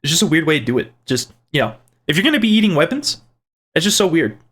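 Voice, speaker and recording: A man with a fairly high voice chats casually as he reads through comments from his viewers. He rambles, restarts his sentences and tosses in little jokes as he replies, keeping a playful tone throughout. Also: very animated, fast talker, fairly bright tone, breathy edge. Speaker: channel host reading viewer comments. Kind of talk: casual chat.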